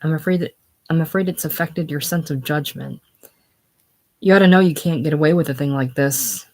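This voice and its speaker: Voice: medium pitch, a little fast, a little mellow, dry recording, lightly acted. Eva, a frightened young woman pleading, as read by a casual reader. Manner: pleading, shaky.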